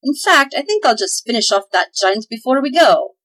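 Woman doing a brash little male elf for a storybook, blustering, breathy edge. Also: lowish voice, steady tone, brisk, fairly bright tone, rough recording. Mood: boastful. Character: boastful hot-headed male elf.

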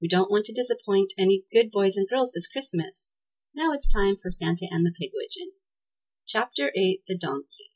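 A woman hosting a podcast and reading a children's story with a cheerful, clear delivery. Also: mid-range voice, animated, normal speed, poor audio. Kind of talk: scripted narration of a children's story.

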